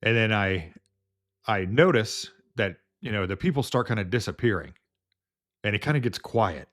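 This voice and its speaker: A man's voice: lowish voice, expressive, moderate pace, a bit bright. A man working as a home health nurse, casually telling a story in a rambling way, full of fillers and restarts.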